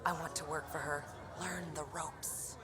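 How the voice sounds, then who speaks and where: A woman's voice: deep voice, steady tone, measured pace. An actress playing a chatty young woman who works as a dancer in a pirate bar, gushing in a starstruck way. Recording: echoey game bar with crowd chatter.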